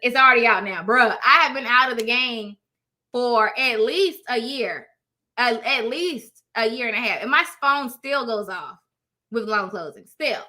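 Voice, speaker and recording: Blunt, bright-voiced woman coaching in slang. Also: a little high, unhurried. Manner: blunt, emphatic, slangy, repeats phrases for emphasis. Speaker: notary signing agent coach. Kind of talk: casual motivational live chat.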